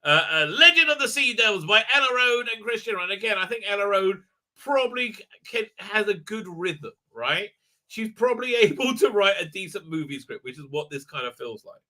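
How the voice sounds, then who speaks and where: A man's voice: high voice, animated, fairly quick, bright, forceful tone. A man hosting a livestream review, talking in a sarcastic, rambling way with lots of fillers and tag questions. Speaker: host, reviewer.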